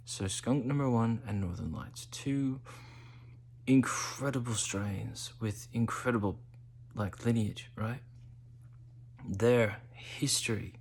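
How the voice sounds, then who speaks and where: A man hosting a casual monologue while high, drifting into whispery asides. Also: slow, breathy edge. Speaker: host.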